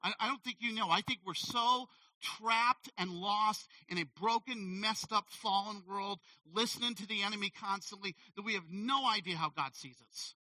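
A man preaching a sermon as a pastor, animated and conversational, often checking in with "okay?". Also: high voice, normal speed, no room sound, recorded from a distance, rough recording.

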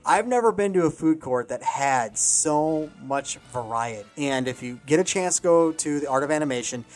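A man's voice: fairly high pitch, lively intonation, moderate pace, soft background music. Chatty, upbeat male podcast host. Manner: chatty, upbeat, prone to restarts and playful asides. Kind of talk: casual chat.

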